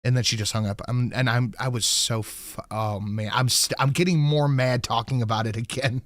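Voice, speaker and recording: A man hosting a podcast, telling an angry story full of swearing and quoting himself loudly. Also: medium pitch, steady tone, normal speed, dry recording, clean studio sound. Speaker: podcast host. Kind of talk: casual ranting chat.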